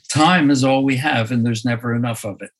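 A man, a photographer, talking in a slow, thoughtful way in an interview, often restarting his sentences and laughing softly. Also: mid-range voice, breathy edge, rough recording. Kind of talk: reflective conversational interview.

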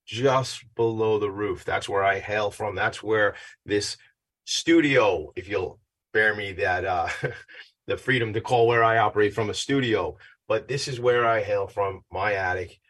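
A man's voice: lowish voice, fairly bright tone. A man hosting his own show from a home attic studio, chatty and self-deprecating, a bit out of breath. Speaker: podcast host. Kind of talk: casual upbeat show intro.

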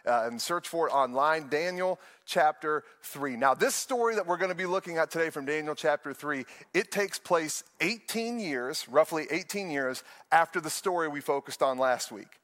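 A young man, a pastor, preaching a sermon with animated storytelling and playful asides. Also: fairly high pitch, moderate pace, hardly any pauses, in a large hall.

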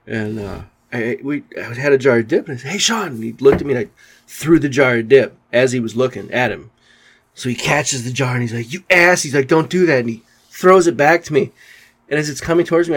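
Podcast dude just chatting, laid back, laughs a lot, cusses. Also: male voice, medium pitch, creaky. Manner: relaxed, laughing storytelling with swearing. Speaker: podcast co-host. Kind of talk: casual chat.

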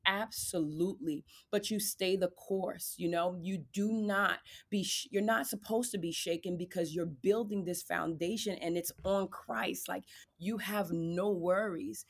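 A woman, a podcast guest giving candid, lively testimony about her faith and marriage, acting out the voices of the people in her story. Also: medium pitch. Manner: animated storyteller, acts out quoted voices; addresses listeners as "y'all".

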